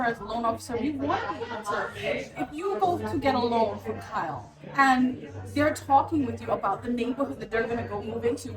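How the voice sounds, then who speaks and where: A woman's voice: high-pitched, distant mic. A woman with a New Jersey accent, a realtor co-hosting a casual podcast in a cafe, telling stories with enthusiasm. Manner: enthusiastic, animated storytelling. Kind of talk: casual chat. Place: busy cafe. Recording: echoey cafe with music and chatter.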